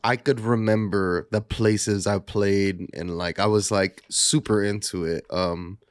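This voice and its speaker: A man's voice: on the low side, steady tone, measured pace, dry recording, clean studio sound. A man co-hosting a podcast, telling casual stories in a laid-back way and swearing freely. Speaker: podcast co-host. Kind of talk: casual chat.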